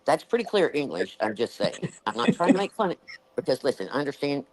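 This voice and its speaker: Lively Southern woman telling a story. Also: rumbling low, fast, no room sound, low-quality recording. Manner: animated, acts out quoted voices. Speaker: show host. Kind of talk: casual storytelling chat.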